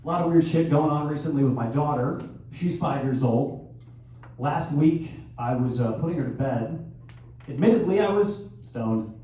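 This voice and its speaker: A man in his thirties doing a crude stand-up comedy set with sudden loud outbursts. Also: on the high side, lively intonation, moderate pace. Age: 30s. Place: live venue hall. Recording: echoey hall from far off, faint noise.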